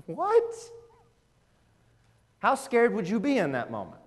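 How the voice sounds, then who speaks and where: A man preaching a sermon in a church, animated and conversational, often laughing and asking the audience questions. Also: high-pitched, brisk. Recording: echoey hall reverb.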